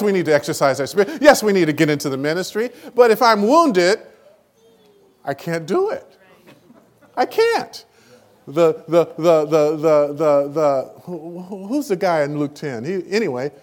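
Emotional man preaching a sermon. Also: on the high side. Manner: animated, emotional preaching with sudden loud rises; halting, repeats words.

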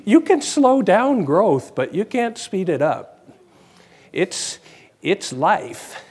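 A man's voice: high-pitched, big pitch swings, slow, darkish tone, breathy edge. A man preaching a conversational sermon, asking his congregation questions.

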